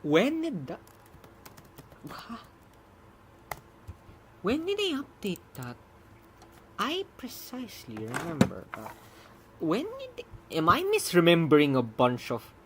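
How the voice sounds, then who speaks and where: A programmer casually walking through their own code, rambling, correcting themself, laughing often and breaking into excited cheers. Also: medium pitch, slow, pauses often, a little hiss or hum. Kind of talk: casual coding stream commentary.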